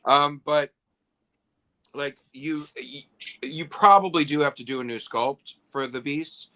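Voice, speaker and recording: A man's voice: a little high, a little slow, sharp tone. A man co-hosting a toy collecting livestream, giving detailed, opinionated breakdowns in casual chat.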